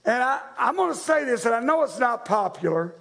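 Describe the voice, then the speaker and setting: A man's voice: very high voice, very animated, a little fast, vocal fry, a bit bright. A male pastor preaching a sermon to his church in a joking, self-deprecating, conversational way. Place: church sanctuary, live-streamed.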